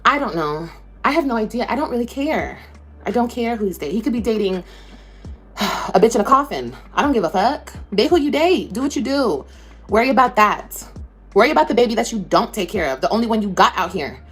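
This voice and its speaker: A woman's voice: a little high, lively intonation, brisk, slightly rough. A woman social media creator ranting to camera, confrontational, sarcastic and profane.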